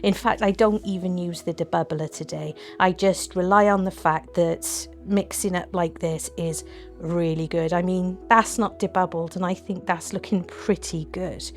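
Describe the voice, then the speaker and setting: A woman with an excitable, gushing manner, chatting casually through a resin craft tutorial at home. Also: fairly low pitch, normal speed, faint music behind.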